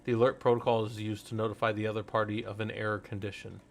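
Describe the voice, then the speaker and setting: A man's voice: fairly low pitch, level tone, quick pace, gravelly. A middle-aged man hosting a casual teaching stream, rambling and interrupting himself, laughing at his own jokes. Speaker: host.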